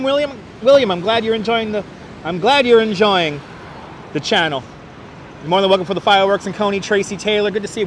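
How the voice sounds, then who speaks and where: A man with a New York accent hosting a live walking-tour stream outdoors in the city, chatting casually and greeting viewers by name. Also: high-pitched. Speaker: livestream walking-tour host. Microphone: wireless clip-on mic. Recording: faint street traffic noise. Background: faint city traffic.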